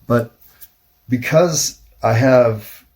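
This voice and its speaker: A man rambling wryly in a solo monologue, thinking aloud with many pauses and restarts. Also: mid-range voice, darkish tone. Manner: slow, deliberate talk. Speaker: vlogger.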